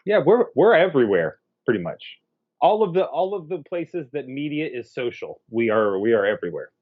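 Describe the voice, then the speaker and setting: Wry co-host man, lively pitch, lo-fi. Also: brisk. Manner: wry, sarcastic joking. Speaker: podcast co-host. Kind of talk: casual chat. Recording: dull, lo-fi sound.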